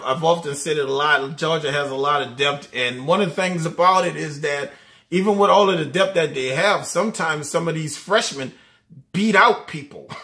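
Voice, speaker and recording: Bright, excited man. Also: medium pitch. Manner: enthusiastic, laughs often, repeats words. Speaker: college football commentator. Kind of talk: casual sports talk.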